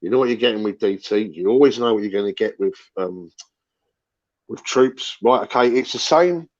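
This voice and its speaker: A man's voice: fairly low pitch, normal speed, a little mellow, highs cut off. A middle-aged man, rambling and swearing as he chats about football on a fan livestream. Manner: rambling, repeats himself, swears. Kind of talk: casual livestream chat.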